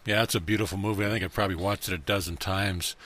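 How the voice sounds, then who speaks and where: Man, low voice, dry close sound, relaxed interview host. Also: fast talker, no room sound. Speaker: podcast host. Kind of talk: casual interview.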